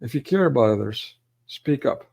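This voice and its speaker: A man with a gravelly, fry-laden voice talks through a livestream, preaching and rambling between clips. He often corrects himself mid-sentence and turns emotional. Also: medium pitch, animated, moderate pace, a little mellow. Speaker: livestream host. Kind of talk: livestream commentary.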